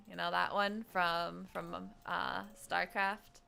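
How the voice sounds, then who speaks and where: A woman's voice: mid-range voice, steady tone, slow pace, vocal fry, a bit bright, clean tone. A woman streaming a game, chatting casually with her viewers and talking to herself as she plays. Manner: hums tunes and quotes game lines. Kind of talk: casual gameplay chat.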